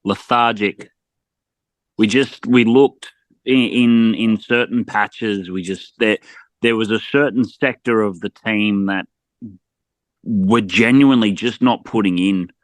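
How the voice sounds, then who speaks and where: Blunt man, low voice. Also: steady tone, takes it slowly, no echo. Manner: blunt, fired-up, repeats words when heated. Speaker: podcast guest. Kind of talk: casual sports chat.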